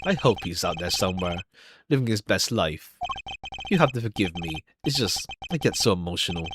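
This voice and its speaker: A man's voice: deep voice, big pitch swings, normal speed, noisy background, voice pushed down. Man playing a weepy grandfatherly old chairman. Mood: sentimental. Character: sentimental old male committee chairman. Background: background music.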